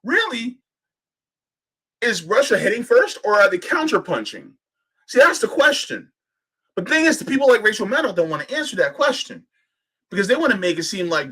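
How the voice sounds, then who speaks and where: A man's voice: sits high, sing-song, normal speed, sharp tone, husky. A man hosting a podcast, delivering a heated, sarcastic political rant. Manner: heated, sarcastic, mocks opponents in put-on voices. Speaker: podcast host.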